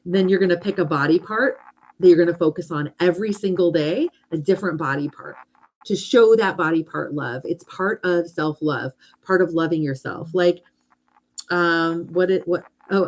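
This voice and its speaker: A woman's voice: fairly low pitch, moderate pace, a little mellow, rough recording. A middle-aged woman chatting casually and animatedly about affirmations and self-love, with lots of fillers. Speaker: host, hypnotherapist.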